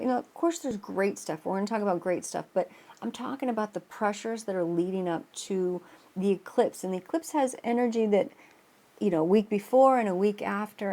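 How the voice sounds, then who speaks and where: A woman's voice: medium pitch, a little mellow. Earnest, rambling woman tarot reader. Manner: rambling, many restarts and fillers, earnest. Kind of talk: casual spoken astrology reading.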